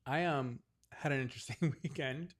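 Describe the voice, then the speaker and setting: Here is a man in his forties co-hosting a relaxed podcast conversation. He talks at a middle pitch. He tells stories with energy and slips into the voices of the people he is quoting. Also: normal speed. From New England, US. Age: 40s. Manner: animated storyteller who acts out the voices of others in his stories. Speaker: podcast co-host. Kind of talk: casual chat.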